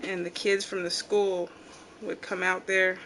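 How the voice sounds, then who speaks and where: A middle-aged woman hosting a home channel, telling family stories in casual chat and acting out the quotes loudly. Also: fairly low pitch, unhurried, slight background noise. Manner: animated storyteller, acts out quotes loudly. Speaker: channel host.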